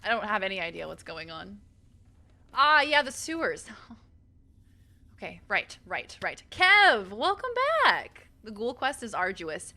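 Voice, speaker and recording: Her pitch is medium and her delivery animated, pushed and bright, a little slow with long pauses. She's a young streamer from around Boston, speaking with the local accent as she chats casually and self-deprecatingly with viewers during a game.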